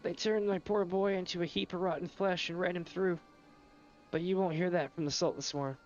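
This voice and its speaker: A man's voice: high voice, fairly even intonation, a little fast, muffled recording, faint music behind, pitched above the performer's own voice, lightly acted. A man voicing a fierce, superstitious old mother grieving her son, in a theatrical rustic old-woman manner while reading game dialogue aloud. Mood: grim.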